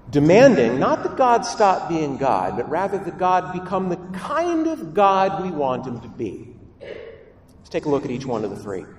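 A man's voice: on the high side, a little mellow. Priest guy preaching, kinda dramatic, echoey church sound, bit of room noise. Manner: dramatic, voices quoted temptations. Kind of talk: homily. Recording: roomy church reverb from a distance.

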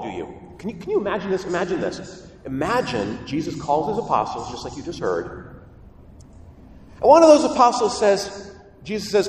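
A man, a priest, giving a lively homily to young people and asking them questions. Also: mid-range voice, a little hiss or hum. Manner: animated, asks the listeners questions. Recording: roomy hall echo from far off.

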